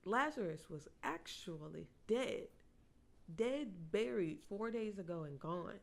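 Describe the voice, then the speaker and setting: A woman's voice: mid-range voice, animated, slow, vocal fry. A woman hosting a devotional podcast, reading a Bible passage and then reflecting on it in an earnest, personal way with small laughs. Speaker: podcast host.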